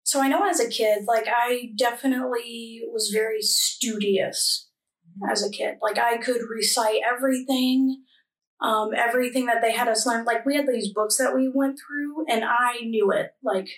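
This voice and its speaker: A woman's voice: on the high side, fairly even intonation, normal speed, distant mic. A young adult woman, a church guest in a casual interview, talking chattily with many fillers and restarts. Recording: echoey room, a bit off mic.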